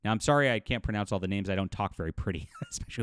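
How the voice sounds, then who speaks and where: A man's voice: on the low side, lively intonation, very fast, few pauses, no echo, studio quality. A man hosting a commentary video, talking in an agitated, indignant rant with frequent restarts. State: livid. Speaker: commentary host. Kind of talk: angry commentary monologue.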